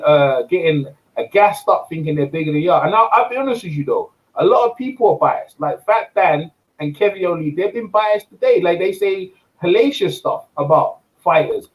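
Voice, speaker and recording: A high-pitched man hosting a lively boxing chat. He rants in an animated, repetitive way, stacking rhetorical questions as he talks. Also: a little fast, few pauses, low-quality recording. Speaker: host. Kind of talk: casual boxing debate.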